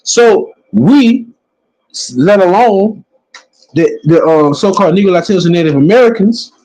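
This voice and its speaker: A man's voice: high voice, animated, normal speed, mellow, poor audio. A man giving emphatic religious commentary, preachy, stretching words out for emphasis. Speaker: religious teacher.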